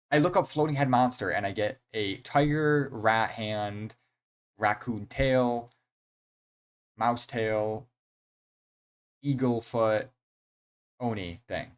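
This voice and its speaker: A young man talks on a live game stream. His voice sits a little low. He rambles from one thought to the next, gets excited easily, and leans on slang and fillers. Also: slow pace, pauses often. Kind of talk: casual live-stream chat.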